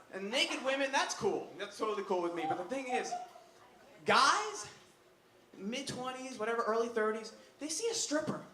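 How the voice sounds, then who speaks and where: Male stand-up comic, high voice, big energy, shouts punchlines, roomy club with crowd noise. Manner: loud, animated, shouting punchlines, acting out characters. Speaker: stand-up comedian. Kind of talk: stand-up set. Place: comedy club stage.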